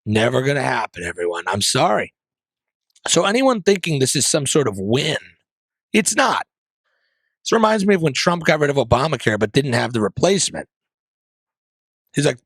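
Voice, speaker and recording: A man delivers a heated solo commentary from his studio, firing off rhetorical questions and sarcastic asides. His voice rises and falls with lively swings of pitch. The sound is dry and close, with no room echo. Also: moderate pace, long pauses, breathy edge. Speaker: podcast host. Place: basement studio.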